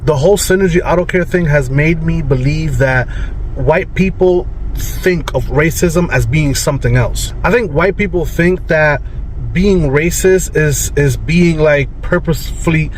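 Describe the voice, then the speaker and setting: A man talks his thoughts through slowly, pausing on filler words and starting over. His voice sits a little high for a man. Faint outdoor noise from passing traffic can be heard behind him. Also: rough recording. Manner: hesitant, full of fillers. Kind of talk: casual commentary.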